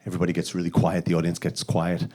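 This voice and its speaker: A man from the Bronx doing a stand-up set, deadpan setups that jump to loud high voices for punchlines. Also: fast. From the Bronx, New York. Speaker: stand-up comedian. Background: audience laughter.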